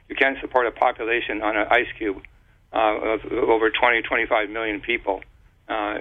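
Halting man on a tinny phone line. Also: on the low side. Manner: rambling, halting with many restarts and fillers. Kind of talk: casual explanatory talk.

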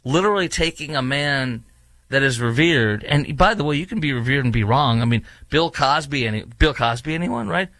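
A man's voice: mid-range voice, a little fast, a bit bright, dry recording. A man hosting his own talk show, delivering a heated, emphatic opinion monologue with many fillers. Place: studio in a large US city.

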